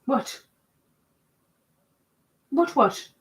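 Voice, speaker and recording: Lady on a home livestream, slow easy chat, pokes fun at herself, reads out the comments. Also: a bit bright. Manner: chatty and self-mocking, reads out comments. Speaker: livestream host. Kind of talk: casual livestream chat reading viewer comments.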